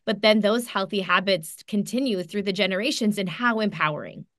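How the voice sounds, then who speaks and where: A woman hosting a podcast interview, speaking warmly and agreeing with feeling. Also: mid-range voice, brisk, no echo, clean studio sound. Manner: warm, affirming, speaks with feeling. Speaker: podcast host.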